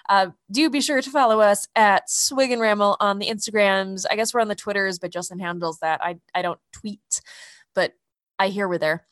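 A woman's voice: medium pitch, moderate pace, fairly bright tone, no room sound, studio quality. A woman co-hosting a casual podcast, a little tipsy, teasing and loose as she talks. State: slightly tipsy. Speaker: podcast co-host.

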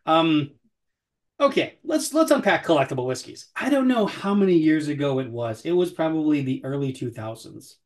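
A man's voice: on the high side, sing-song, moderate pace. A man co-hosting a casual podcast, talking whiskey in a sarcastic, profane and mock-threatening way. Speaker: podcast co-host, whiskey commentator.

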